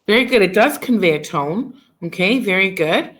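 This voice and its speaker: A woman's voice: medium pitch, animated, moderate pace, a bit bright. A woman teacher leading a class discussion on poetry, asking questions, praising answers and repeating them back to the students.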